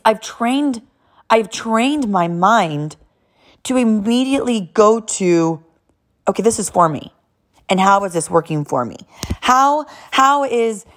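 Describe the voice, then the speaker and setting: A woman in her thirties from Southern California speaks candidly about her faith in a personal talk. Her delivery is emotional and rambling, full of restarts as she works through her thoughts. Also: fairly high pitch. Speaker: vlogger sharing a personal story.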